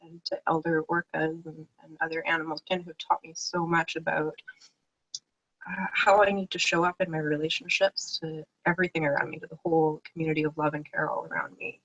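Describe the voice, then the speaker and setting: A woman's voice: low voice, pushed and bright, no echo, highs cut off. A woman speaking on a webinar panel as a book contributor, earnest and heartfelt, over a video call. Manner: earnest, heartfelt, tearful at times. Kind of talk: emotional webinar panel talk.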